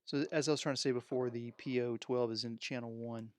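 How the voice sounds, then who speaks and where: A man's voice: medium pitch, fairly even intonation, a little fast, darkish tone, no echo. A man live-streaming from his home studio, rambling and thinking aloud as he unpacks and wires up music gear. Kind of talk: unscripted live stream chat. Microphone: headset microphone.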